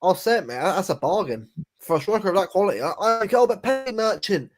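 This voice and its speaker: Casual podcast co-host, male, slightly higher voice, rambling and repetitive delivery. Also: very animated, fast talker. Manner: rambling, repeats words and says mate often. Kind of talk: casual football chat.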